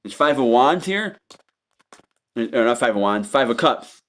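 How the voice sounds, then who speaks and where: A man's voice: mid-range voice, expressive, a little slow, a bit bright. Guy doing a tarot reading, loops back and repeats himself a lot, talks right at you. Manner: repetitive, meandering, restarts phrases often; addresses the listener directly as "you". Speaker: tarot reader.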